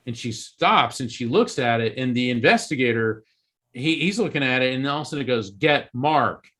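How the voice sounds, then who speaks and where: A man's voice: medium pitch, lively intonation, a little fast, pushed and bright. A man from Florida, an author guest in an interview, telling a story earnestly and with animation, often restarting his sentences. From East Coast Florida, USA.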